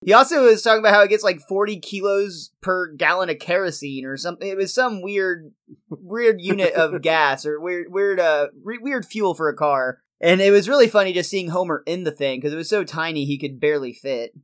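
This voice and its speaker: A man's voice: high voice, brisk, a bit bright. A man co-hosting a podcast, recapping a cartoon episode in casual chat and laughing often. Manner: laughs often, loose joking storytelling. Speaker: podcast co-host.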